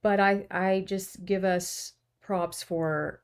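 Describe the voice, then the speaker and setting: A woman's voice: on the low side, steady tone, slow. A woman with a Texas twang, co-hosting a podcast in casual chat. She speaks in an earnest, encouraging way. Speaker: podcast co-host.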